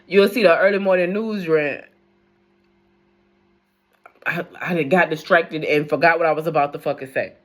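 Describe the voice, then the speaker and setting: A woman's voice: low voice, fairly even intonation, normal speed, long pauses. Woman, young adult, blunt profane rambling, casual news rant. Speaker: news commentator vlogger.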